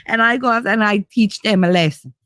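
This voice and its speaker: A woman voicing a protective woman who is eager to avenge a friend and talks in a menacing, shouty way. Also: mid-range voice, a little fast, clear, resonant tone, voice pushed up, lightly acted.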